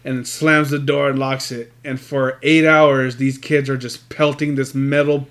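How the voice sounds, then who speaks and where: A man's voice: mid-range voice, level tone, unhurried, a bit bright. Profane storytelling man, casual chat.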